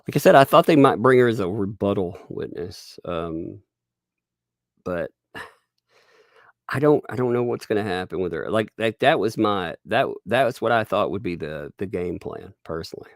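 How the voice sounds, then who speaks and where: A man rambles through sarcastic live-stream commentary, often laughing at his own jokes. His lively pitch jumps around and his voice has a gravelly rasp. The recording is close and dry. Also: normal speed, no room sound. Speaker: livestream commentator.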